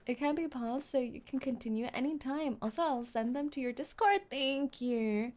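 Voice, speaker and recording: A woman streamer who gushes and giggles while reading a game story out loud and reacting to it. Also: high-pitched, normal speed. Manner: gushing, giggly, exclaiming.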